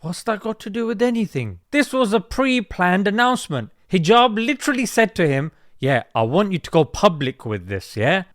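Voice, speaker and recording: A man delivers sarcastic reaction commentary with a fairly high, lively voice that jumps around as he mocks what he reads. The sound is dry and close, with no room echo. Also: moderate pace, hardly any pauses. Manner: sarcastic, laughing, reads posts aloud in mocking voices.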